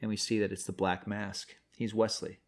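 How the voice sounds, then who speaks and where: A man's voice: on the low side, level tone, moderate pace. A man co-hosting a podcast in casual chat, playfully making up comic alternative endings and acting out short quotes. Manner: playful, spins comic what-if scenarios with acted quotes. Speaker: podcast co-host.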